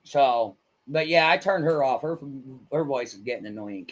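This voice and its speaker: A man streaming live, chatting casually with viewers in a blunt, crude and excitable way. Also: medium pitch, normal speed. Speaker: livestreamer. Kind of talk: casual livestream chat.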